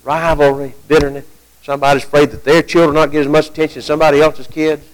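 A male preacher delivering a sermon in a fairly high voice. He talks to the congregation like a conversation and asks rhetorical questions. He lifts his pitch and volume when he quotes scripture. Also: level tone, fast talker, low-quality recording. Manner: climbs higher and louder when quoting scripture.

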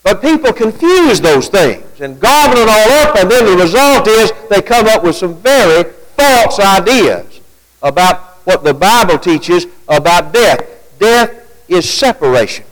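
A man's voice: high-pitched, sing-song, unhurried, poor audio. A man preaching an evening sermon, asking rhetorical questions and reading quotations aloud to his congregation. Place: church gathering at night.

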